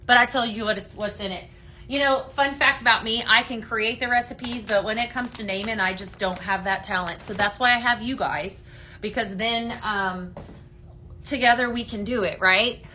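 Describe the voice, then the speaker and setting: A woman with a bright, clear voice hosts a relaxed live sales stream. She chats her way through products and viewer questions, stopping and restarting her sentences as she goes. A faint hiss of noise sits under her voice. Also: on the high side. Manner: chatty and halting, with many fillers and restarts. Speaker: company staff host of a live sales stream. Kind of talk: casual live product demo, answering viewer comments.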